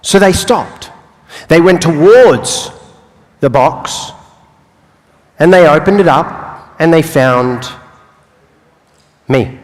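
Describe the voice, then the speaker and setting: A young man giving a motivational talk on stage, telling his life story with long pauses and playful asides. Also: fairly high pitch, animated. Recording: live hall with long reverb.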